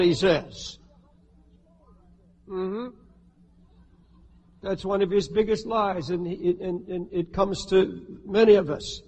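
A man's voice: high-pitched, slow pace, long pauses, a little mellow. A man preaching a sermon in a church sanctuary, fervent and emphatic with humorous asides. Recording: reverberant hall with faint ambience.

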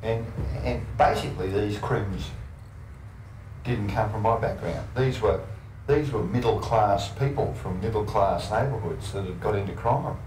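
A man's voice: fairly low pitch, measured pace, a little mellow. Swaggering Australian man, roomy distant recording. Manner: swaggering, crude, acts out other voices with laughs. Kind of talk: rambling anecdotal storytelling. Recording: roomy distant archive recording with faint noise.

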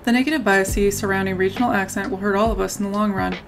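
A woman narrating a scripted video essay in a measured way, often reading out quotes. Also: medium pitch, fairly even intonation, background noise. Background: background music.

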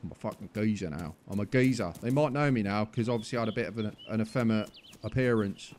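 A young British man commentating his gameplay in a cheeky, joking way. When nobody recognises him he gets loud and exasperated. There is a faint hiss under his voice. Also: fairly low pitch, quick pace. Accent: British English. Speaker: gaming YouTuber.

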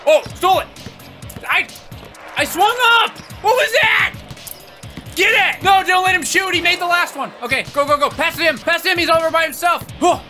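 A man streaming a video game, giving loud, jokey commentary and often shouting at the game. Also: very high-pitched, moderate pace, faint music behind. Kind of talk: excitable gameplay commentary.

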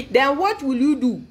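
Animated, high-pitched woman mocking a politician. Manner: taunting, sing-song mockery with laughs; mixes English with a local language. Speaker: political commentator.

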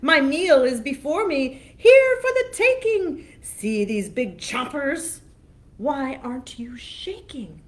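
A woman's voice: sits high, very animated, slow pace, few pauses, pitched above the performer's own voice, heavily acted. A woman voicing a hungry female troll with a scratchy, roaring, threatening voice for a storybook reading. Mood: hungry menacing.

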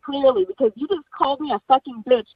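A woman's voice: high voice, fast, slightly rough, dry recording. A woman calling in to a radio show, hesitant and stammering, heard over a phone line. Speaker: caller. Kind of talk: call-in talk.

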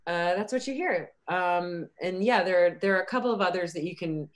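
A woman's voice: fairly low pitch, brisk. A woman running a tabletop game as game master, narrating in a chatty, hesitant way and laughing often.

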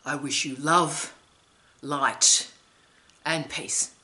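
A woman's voice: sits low, steady tone, extremely slow, bright, forceful tone. A middle-aged woman hosting an academic advice vlog, speaking emphatically and theatrically with laughs between phrases.

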